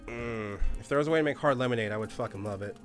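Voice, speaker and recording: A man's voice: medium pitch, very fast, faint music behind. A man chatting casually on a live game stream, swearing freely and barking orders at the game characters. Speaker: streamer playing a colony sim game.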